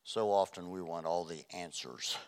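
Preacher, man, middle-aged, lowish voice, dynamic sermon delivery. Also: normal speed, clear, resonant tone. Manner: swings from loud emphatic preaching to soft hushed tones.

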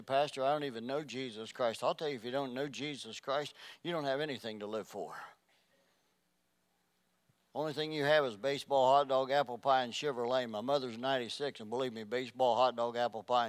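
Middle-aged male pastor, fiery sermon that drops to quiet intensity; resonant voice, dry recording. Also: mid-range voice, clear, resonant tone, no room sound. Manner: impassioned preaching, swinging from loud exhortation to hushed intensity.

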